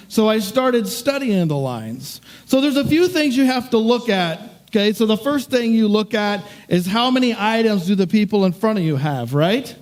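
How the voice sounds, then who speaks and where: A man's voice: high voice, a little mellow. A middle-aged man, a pastor, telling a story in his sermon in a conversational, self-deprecating way.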